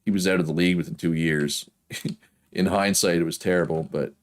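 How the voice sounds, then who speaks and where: Man, very low voice, Canadian East Coast accent, casual rambling game chat, laughs a lot. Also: fairly even intonation, moderate pace. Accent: Prince Edward Island, Canadian East Coast. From Prince Edward Island, Canada. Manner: rambling, chatty, laughs often. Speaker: gaming streamer.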